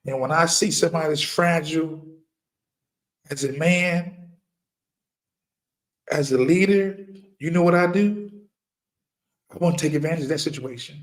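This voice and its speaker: A man's voice: a little high, normal speed, long pauses. A middle-aged man giving an impassioned, preaching monologue as a firearms trainer, repeating key lines for emphasis and firing rhetorical questions at his listeners.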